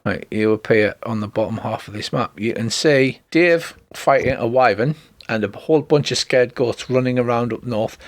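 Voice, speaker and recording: A man narrating a tabletop game as its master, making quick, chatty rulings and laughing along. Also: medium pitch. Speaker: dungeon master.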